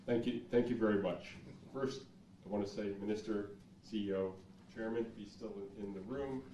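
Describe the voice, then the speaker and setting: A man with a Southern American accent giving an earnest, measured formal speech as a guest speaker at an event. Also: lowish voice, fairly even intonation, warm tone, a little hiss or hum. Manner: earnest, measured, lists points deliberately. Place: event venue podium. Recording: echoey hall mic from a distance, room ambience.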